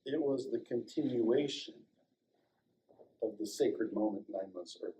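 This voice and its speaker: An older man from Colorado, a chiropractor, telling a personal story to a small audience, acting out the dialogue and dropping to a hush at tender moments. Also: fairly low pitch, unhurried, a little hiss or hum, poor audio. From Colorado, United States. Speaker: chiropractor and guest speaker.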